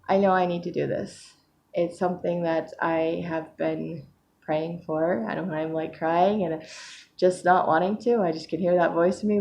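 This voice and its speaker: Woman doing a video diary, lowish voice, hesitant and soft, lots of ums, bit teary-sounding, faint hiss behind. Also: lo-fi sound. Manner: hesitant, soft-spoken, many fillers. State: recently crying. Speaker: vlogger.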